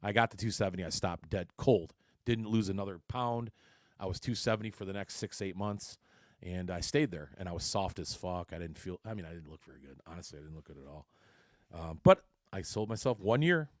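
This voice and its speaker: A man hosting a casual solo podcast, talking in a somewhat low voice. He is blunt and curses freely, wandering through his thoughts with many restarts. The sound is dry and close, with no room echo. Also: a little fast. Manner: blunt and heavily profane, rambling with frequent restarts. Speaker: podcast host.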